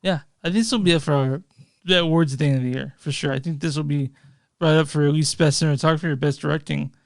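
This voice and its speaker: A man's voice: on the high side, fairly even intonation, quick pace, creaky, no echo, clean studio sound. A man co-hosting a casual movie podcast, easygoing, reading out review scores and show plugs. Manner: easygoing, reads reviews and plugs, laughs often. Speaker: podcast co-host.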